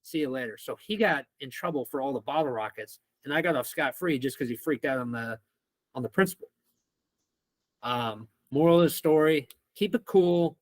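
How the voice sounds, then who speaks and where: Brief: young male podcast guest from Missouri, animated storyteller, highish voice, dry close sound. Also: normal speed, dry recording. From Missouri, United States. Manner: animated, swears freely, acts out quotes. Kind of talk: casual storytelling.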